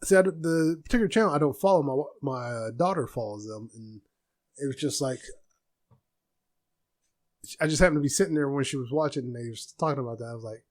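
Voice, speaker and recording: A soft-spoken man hosting a casual solo podcast from a room at home, rambling with restarts. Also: mid-range voice, quick pace, pauses often. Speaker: podcast host.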